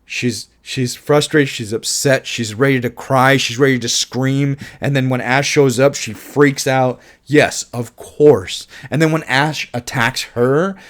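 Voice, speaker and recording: A man's voice: mid-range voice, steady tone, a little slow, few pauses. A man giving a casual, enthusiastic film review, rambling with restarts, swearing and laughing at his own jokes. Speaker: movie reviewer.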